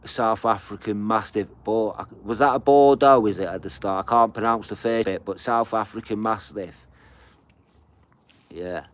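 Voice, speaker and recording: Middle-aged man, deep low voice, loose sweary live-stream patter, rambling home chat. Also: normal speed. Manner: casual, sweary, repeats fillers like "you know".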